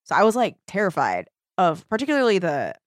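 A woman talks with friends in a lively, giggly way, swearing casually and leaning on "like". Her pitch jumps around as she gets excited. The sound is close and dry, with no room around it. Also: brisk, dry recording. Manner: animated, giggly, swears casually, says "like" often. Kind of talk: casual chat, reading book passages aloud.

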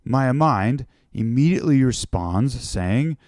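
A man's voice: medium pitch, lively intonation, a little slow, dark tone, no echo, studio quality. A man from the United States hosting a podcast, telling a personal story in a reflective, conversational way. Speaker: podcast host.

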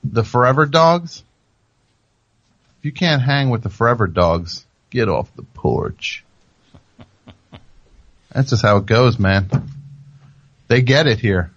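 A man's voice: medium pitch, expressive, takes it slowly, pauses often, no room sound, muffled recording. A man hosting a podcast from a studio, rambling and joking as he talks into the microphone. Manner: rambling, jokey, self-interrupting. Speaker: podcast host. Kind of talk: casual radio-style monologue. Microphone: studio microphone with headphones.

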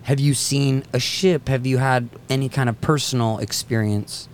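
A man co-hosting a podcast who asks his questions in a hesitant, polite way. His voice sits at a middle pitch, and a faint rumble is heard behind him. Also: fairly even intonation, normal speed. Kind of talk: casual interview questions.

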